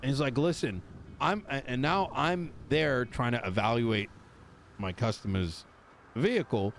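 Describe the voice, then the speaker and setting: A man's voice: medium pitch, measured pace, a little hiss or hum. A man in a role-play game telling a story in character as a mechanic, acting out other people's lines and swearing casually. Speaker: mechanic and tow driver in a role-play server.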